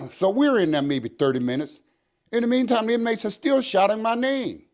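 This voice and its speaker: Animated older man telling a story. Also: high voice, normal speed. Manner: animated storyteller acting out dialogue in quoted voices. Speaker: retired prison captain, guest. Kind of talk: storytelling interview.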